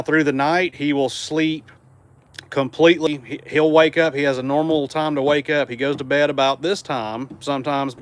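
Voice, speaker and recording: A man with a Southern US accent hosting a casual livestream from home, reading viewer comments and speaking gently to his dog. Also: fairly high pitch, smooth. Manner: easygoing, drops to a hushed murmur around his dog. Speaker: livestream host. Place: home room indoors.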